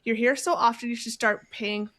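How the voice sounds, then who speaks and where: A woman's voice: a little high, steady tone, moderate pace, a bit bright, close to an everyday voice. A woman reading out a crude, callous middle-aged father in a sneering tone, during a book discussion.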